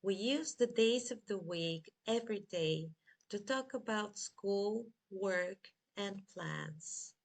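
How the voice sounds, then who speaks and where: A woman teaching a scripted beginner lesson, drilling words slowly and spelling them letter by letter. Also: medium pitch, gravelly. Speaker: English teacher.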